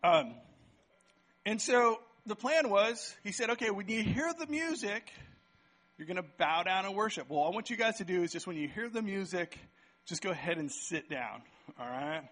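A man's voice: high-pitched, expressive, moderate pace, a bit bright. A man preaching to a church congregation, casual and chatty, often checking in with "right?" as he runs a live object lesson. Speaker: pastor. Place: church sanctuary with band.

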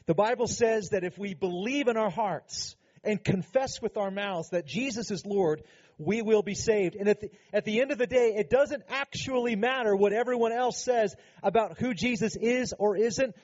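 A man's voice: high-pitched, moderate pace, a little mellow, highs cut off. A man preaching a sermon as pastor, earnest and emphatic, with frequent conversational asides.

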